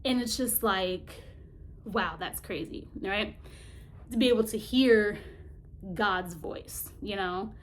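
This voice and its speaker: A woman's voice: medium pitch, slow pace, long pauses. A woman casually retelling a Bible story in a Bible study vlog, colloquial and chatty, often laughing and searching for words.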